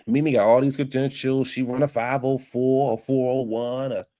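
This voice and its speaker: A man's voice: mid-range voice, little pitch movement, normal speed, mellow, no echo, clean studio sound. A man giving a sassy, gossipy casual recap of a reality show, talking straight to his viewers.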